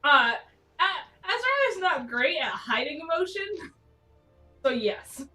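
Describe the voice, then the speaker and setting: A woman's voice: high voice, very animated, slow, pushed and bright, soft background music. A woman playing a tabletop role-playing game in casual, giggly chat. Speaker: player.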